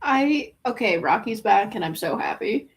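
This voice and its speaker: A woman's voice: medium pitch, big pitch swings, moderate pace, gravelly, husky. A woman in a book club who chats casually and chimes in with short, giggly comments. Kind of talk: casual chat.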